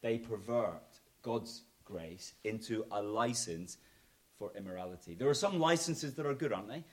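A man preaching a sermon, swinging between emphatic high points and quiet low endings. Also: expressive, normal speed.

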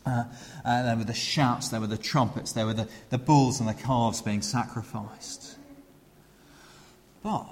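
A middle-aged man preaching a sermon in a church, his voice carried by the long reverb of a large hall. He hesitates often, filling gaps with "uh" and restarting phrases, then grows animated when he acts out a crowd. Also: mid-range voice, unhurried, pauses often, a little hiss or hum.

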